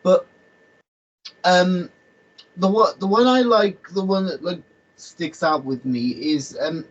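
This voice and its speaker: A man's voice: high voice, slow, highs cut off. A man chatting casually on a video call, rambling with lots of stammered restarts. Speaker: host.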